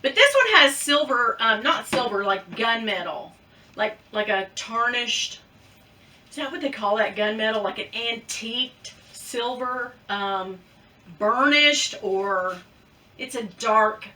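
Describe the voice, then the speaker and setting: Middle-aged woman, playful girlfriend chatter, bright high voice, a bit off-mic. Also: expressive, slow, far from the mic, slight background noise. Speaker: unboxing vlogger. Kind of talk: casual chat.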